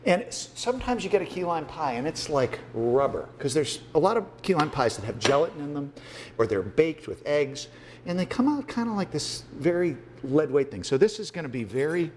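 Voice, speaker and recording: A man's voice: fairly high pitch, sing-song, brisk, a little mellow, a little hiss or hum. A man demonstrating a no-bake pie recipe as a guest cook on a TV morning show, joking and talking through each step with fillers. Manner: chatty, joking, talks through steps with fillers. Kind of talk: casual cooking demo. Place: TV studio kitchen.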